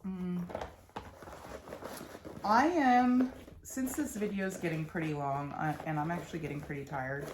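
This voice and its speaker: A young woman with a Philadelphia accent talks in a low voice, rambling casually through her crafting projects. She trails off and restarts often, with plenty of ums along the way. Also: unhurried, pauses often, background noise. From Philadelphia, USA. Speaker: cross-stitch vlogger.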